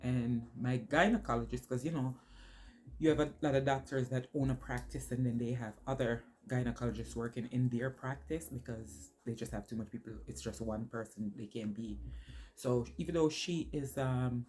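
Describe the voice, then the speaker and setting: A woman's voice: rumbling low, moderate pace, darkish tone. A woman vlogger telling a personal story to her phone camera, rambling and losing her train of thought along the way.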